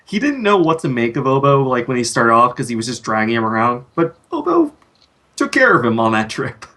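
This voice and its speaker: A man's voice: mid-range voice, very animated, brisk, sharp tone. A man playing in a tabletop game over a video call, talking casually with lots of "like" fillers. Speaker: player.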